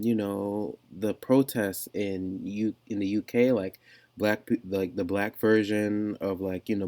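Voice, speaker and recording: A man's voice: on the low side, darkish tone, no echo. Man, reaction vlog, ranting, incredulous, rambling restarts, dry close sound. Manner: ranting, incredulous, reads article aloud. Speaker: commentary vlogger. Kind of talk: casual reaction commentary.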